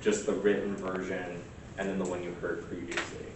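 A man presenting at a workshop in a relaxed, chatty way, full of fillers. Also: deep voice, normal speed, noisy background. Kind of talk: casual workshop talk. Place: church meeting room. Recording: echoey room recorded from far off.

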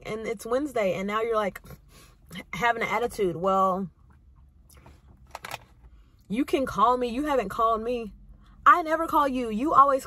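A young woman chatting to her camera in a casual, sassy vlog, acting out everyone she quotes. Her voice sits fairly high and swings up and down a lot. There's a husky edge to it. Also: pushed and bright, no echo. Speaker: vlogger.

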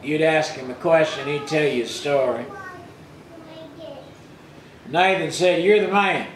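A man preaching a sermon as pastor, retelling scripture in plain everyday speech and rising loud for the quoted rebukes. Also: fairly high pitch, slow pace, reverberant, poor audio.

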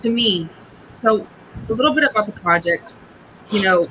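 A woman in her forties, a guest telling a personal family story in a rambling, halting way, tearful at times. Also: mid-range voice, pushed and bright, slight background noise, rough recording. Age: 40s. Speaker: guest, cigar business owner.

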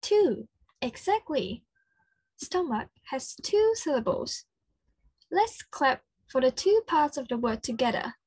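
A woman with an Australian accent leading an interactive children's lesson, slow and encouraging, full of praise. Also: high-pitched, big pitch swings, darkish tone, husky, dry recording. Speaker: children's speech clinic presenter.

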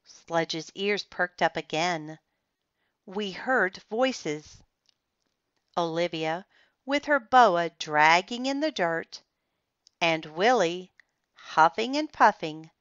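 A woman reading a children's chapter book aloud in a slow, careful and expressive manner. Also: fairly low pitch, no echo. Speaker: storybook reader. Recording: slightly dull, muffled recording.

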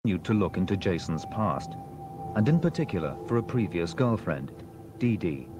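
A man giving measured, scripted documentary narration. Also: low-pitched. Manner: measured, even delivery. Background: music.

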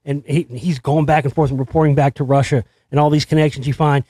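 A man hosting his own show, delivering a rambling, excitable monologue full of restarts and swearing. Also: on the high side, fast talker, breathy edge, dry recording. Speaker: show host. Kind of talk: conspiracy commentary monologue.

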